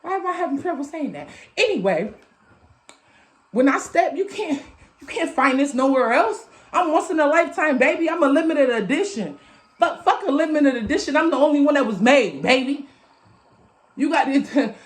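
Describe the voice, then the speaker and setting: A woman with a high voice gives a casual motivational tarot reading, loud and emphatic, with plenty of swearing. She talks into a phone. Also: lively intonation, normal speed. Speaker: tarot reader.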